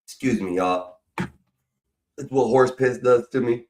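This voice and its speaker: A middle-aged American man rambles through a casual, profane rant as a live stream host. His voice sits in a middle pitch and keeps swinging from loud, pushed bursts down to low, trailing mumbles. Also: unhurried, poor audio. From United States.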